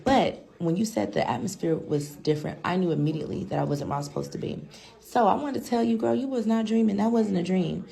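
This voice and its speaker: Gravelly chatty woman telling a story. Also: mid-range voice, expressive, fast, dark tone. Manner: chatty, slangy, addresses viewers as girl and child. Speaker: vlogger. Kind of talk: casual storytelling to viewers.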